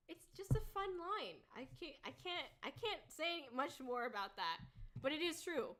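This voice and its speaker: A woman's voice: high voice, lively intonation, moderate pace, bright, forceful tone. A woman streamer in casual chat, ranting bluntly and swearing freely. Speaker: VTuber streamer.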